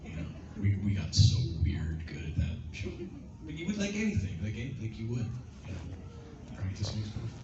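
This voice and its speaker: Animated man on a convention panel, low voice. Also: normal speed, recorded from a distance, noisy background. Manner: animated, acts out lines in playful voices. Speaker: guest at a fan convention panel. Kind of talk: casual Q&A storytelling. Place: large convention hall. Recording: muffled, echoey hall from afar. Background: crowd ambience.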